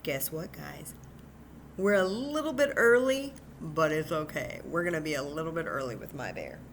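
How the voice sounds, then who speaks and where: A woman leading a children's story time at home, speaking slowly in a sing-song way and talking directly to the kids. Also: deep voice, lively intonation, gravelly, slight background noise. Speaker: children's librarian. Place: home room with a cat nearby.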